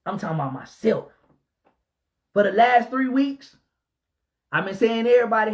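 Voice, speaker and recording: A man, a pastor, delivering an impassioned preaching rant, swinging between shouted lines and low muttered asides, with repetitive, emphatic phrasing. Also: sing-song, normal speed, pauses often. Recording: dull lo-fi recording.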